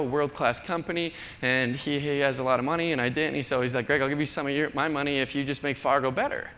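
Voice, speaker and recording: A man's voice: vocal fry, fairly bright tone. A man in his thirties from North Dakota giving a chatty, self-deprecating conference talk in a large hall. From North Dakota, USA. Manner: chatty, self-deprecating, acts out quoted people in a higher voice. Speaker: conference speaker. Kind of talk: keynote talk. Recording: long hall reverb, faint noise.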